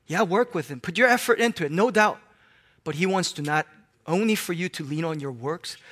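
A man preaching a sermon, swinging between hushed tones and loud, animated exclamations. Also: a little high.

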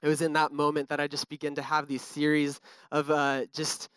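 Earnest high-voiced young man. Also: completely flat delivery, brisk, a bit bright, clean tone, no echo. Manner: earnest, casual, many fillers. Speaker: speaker sharing a testimony. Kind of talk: personal testimony talk.

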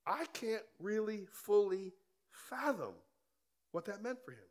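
A man's voice: high voice, animated, a little slow. A male pastor preaching a sermon in a conversational way, firing rhetorical questions at the congregation in church.

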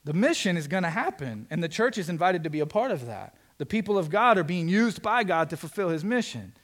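A man delivering a sermon from the stage, his voice sitting a little higher than most men's. He talks conversationally and animatedly, slipping into little acted-out quotes and asides as he preaches. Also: big pitch swings, a little fast, a bit bright. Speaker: pastor.

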